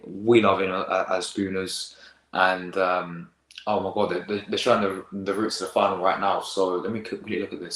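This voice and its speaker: A teenage lad hosting a live football reaction stream, rambling in excitable, slang-heavy casual chat. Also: male voice, low voice, echoey room, rough recording. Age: teens.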